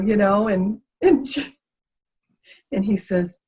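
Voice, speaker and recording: A woman, an interview guest, telling stories in a lively, expressive way. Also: medium pitch, a little slow, pauses often, breathy edge. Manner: animated, lively storyteller. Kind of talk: expressive storytelling. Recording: dull lo-fi sound.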